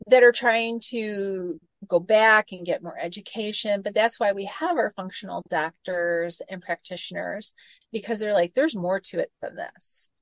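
A woman in her forties, a gut health coach, telling stories with lively acted-out quotes in a casual interview. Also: medium pitch, no room sound. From Michigan, United States. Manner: animated storytelling, acts out quoted voices.

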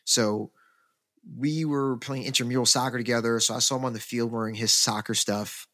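A man, a podcast co-host, telling a long story in casual chat, rambling and animated with many fillers and restarts. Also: mid-range voice, normal speed, no room sound, studio quality.

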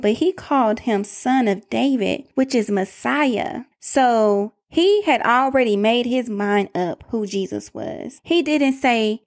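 A woman's voice: fairly high pitch, animated, slow, hardly any pauses. A woman preaching a sermon in an emphatic way, calling out to her listeners.

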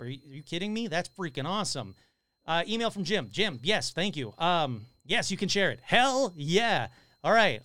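A man hosting a casual live stream who reads listener stories aloud and reacts with loud, swearing exclamations. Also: on the high side, dry recording.

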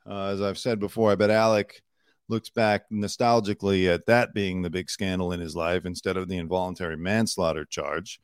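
A man hosts an entertainment news rundown with a somewhat low voice. He delivers snarky, opinionated asides in a loose, casual way, full of fillers and restarts. His voice sounds close and dry. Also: level tone, moderate pace, clear, resonant tone, no echo.

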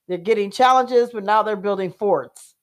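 A woman, co-hosting a casual chat and telling stories in an animated way, with fillers and laughs. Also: mid-range voice, normal speed. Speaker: co-host.

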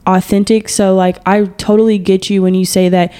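A woman hosting a podcast in relaxed, casual conversation. Her voice is warm and mellow, and she talks candidly and chattily, with plenty of slang. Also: mid-range voice, a little fast. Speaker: podcast host. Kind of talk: casual chat.

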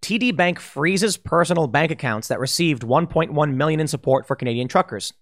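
A man's voice: fairly high pitch, lively intonation, fairly quick, a bit bright. A man giving an emphatic opinion commentary, warning listeners and sketching scenarios. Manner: emphatic, warning, speculative, with restarts. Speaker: political commentator.

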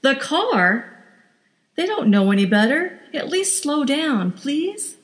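A woman plays a distraught passenger whose voice leaps high as she begs and cries out. The sound carries a long hall reverb. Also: big pitch swings, takes it slowly, full character voice. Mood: pleading, distraught.

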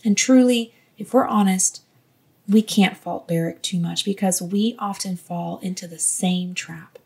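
A woman giving a devotional Bible teaching in an earnest, gently encouraging way. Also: medium pitch, fairly even intonation, unhurried, vocal fry, breathy edge.

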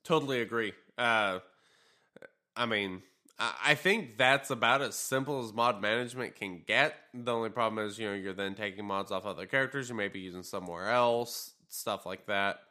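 Loose and laid-back, a man co-hosting a gaming podcast drifts through his talk with frequent fillers and occasional weary yawns, speaking at normal speed in a fairly low voice.

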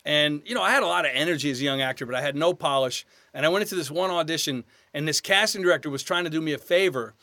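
A man's voice: on the high side, rapid-fire, few pauses, bright, forceful tone, no room sound. A man from New York, guest actor on a casual podcast interview, telling chatty, self-deprecating stories.

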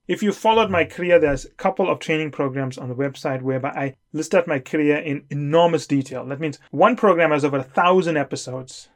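A man's voice: fairly high pitch, fairly quick. A middle-aged man giving an emphatic, lecturing talk as a consulting coach. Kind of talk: lecture to camera.

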